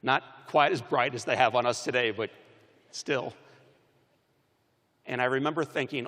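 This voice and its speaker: A man giving a commencement speech, telling stories with animated shifts between loud and soft, recorded in a large arena. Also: medium pitch, moderate pace, pauses often, in a large hall. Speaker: commencement speaker. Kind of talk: motivational speech.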